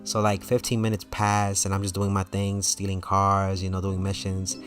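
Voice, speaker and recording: A man's voice: sits low, monotone, moderate pace, soft background music. A man streaming a game and chatting casually with his viewers, laughing often. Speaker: gaming streamer. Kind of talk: casual live-stream chat.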